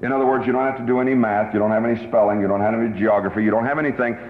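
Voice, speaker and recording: A man's voice: mid-range voice, fairly even intonation, very fast, close to an everyday voice. A stern, precise middle-aged schoolteacher, as a male speaker puts her on lays out the homework. The voice sits in the middle of the range, and the sound is dull and lo-fi. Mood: instructing. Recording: roomy hall, dull lo-fi tape.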